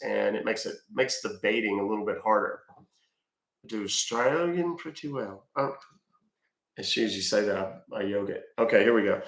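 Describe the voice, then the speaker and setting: A man's voice: fairly low pitch, fairly bright tone. A middle-aged man with a congested voice, chatting folksily with viewers as a live-stream scambaiting host. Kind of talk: casual live-stream chat. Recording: roomy echo.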